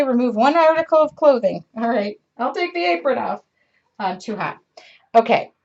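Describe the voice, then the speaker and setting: A woman's voice: on the high side, fairly bright tone. A woman hosting a live art session from her studio, chatting casually and rambling with self-mocking jokes. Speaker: art livestream host. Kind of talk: casual chat while painting. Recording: dull lo-fi livestream audio.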